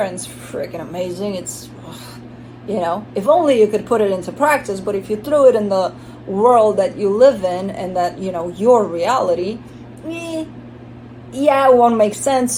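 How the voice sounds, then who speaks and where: A woman talks through a tarot spread in a loose, chatty way, blunt and unafraid to swear. Her voice is warm and mellow rather than bright. A faint hiss sits under the recording. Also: mid-range voice, rough recording. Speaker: tarot reader. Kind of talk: casual tarot reading monologue.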